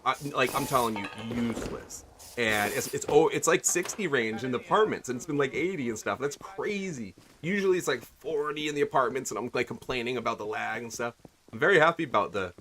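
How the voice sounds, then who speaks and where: Chatting away while streaming a game, this man keeps throwing questions to his audience in loose, rambling commentary. He has a mid-range, husky voice with a bright, forceful tone.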